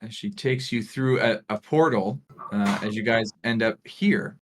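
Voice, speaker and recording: A man's voice: on the low side, measured pace. A man running a tabletop game as game master, narrating hesitantly with many fillers.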